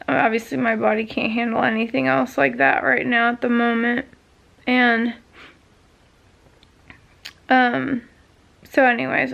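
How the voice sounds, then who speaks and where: A woman's voice: a little high, gravelly, a bit bright. A woman vlogger chatting casually, telling a long story with many fillers and asides. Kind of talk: casual chat.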